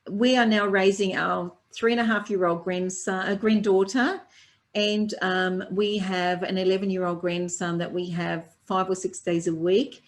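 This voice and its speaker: An older woman, a Reiki teacher being interviewed, telling a personal story in a lively way and acting out the voices of people she quotes. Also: mid-range voice. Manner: lively storyteller who acts out quoted dialogue.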